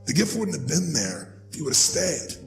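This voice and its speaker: Gravelly, earnest male motivational speaker. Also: moderate pace. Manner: earnest, building to rising excited pitch when moved. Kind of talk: emotional personal storytelling speech. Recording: echoey room with faint music underneath.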